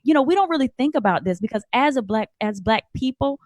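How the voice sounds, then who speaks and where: A woman's voice: fairly high pitch, lively intonation, quick pace, darkish tone, no room sound, clean studio sound. A woman speaking earnestly and reflectively as a podcast guest in casual conversation, often repeating her words.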